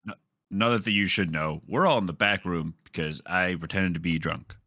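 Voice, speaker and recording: Brief: low-pitched male player, quick teasing remarks. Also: pushed and bright, no room sound, clean studio sound. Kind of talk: casual chat at a gaming table.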